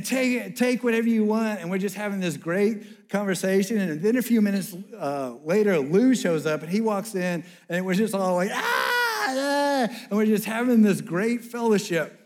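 A man delivers a sermon story in a slightly high voice. He tells it in an animated way and slips into the voices of the people in the story.

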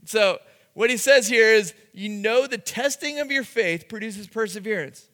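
A man's voice: high-pitched, moderate pace, a bit bright, in a large hall. A man preaching a youth sermon, telling a funny school story and acting out the quotes. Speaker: youth pastor.

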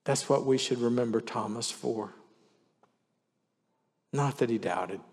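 A man's voice: medium pitch, unhurried, darkish tone. Preaching man in a reverberant hall. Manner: earnest preaching, reads scripture quotes aloud with shifting emphasis. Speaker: pastor. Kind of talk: sermon.

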